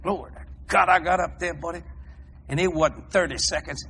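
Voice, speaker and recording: An American man preaching a sermon, telling stories in an animated way, shouting and laughing as he goes. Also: fairly high pitch, moderate pace, a little hiss or hum. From United States. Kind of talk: storytelling sermon.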